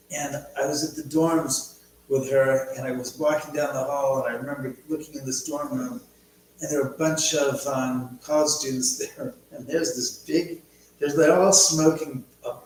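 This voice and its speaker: Middle-aged male livestream host, loose rambling storyteller, laptop mic far off, boomy room with a faint hum. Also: a little mellow. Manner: rambling storyteller, reads viewer comments aloud. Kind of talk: casual livestream chat. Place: large echoey room at home. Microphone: laptop mic from a distance. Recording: very echoey, distant, faint hum.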